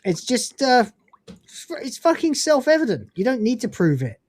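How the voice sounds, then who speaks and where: A woman's voice: fairly high pitch, big pitch swings, moderate pace, a little mellow, slight background noise. An English woman co-hosting a live gaming news stream, reading news items and breaking into blunt, profane commentary with frequent laughter.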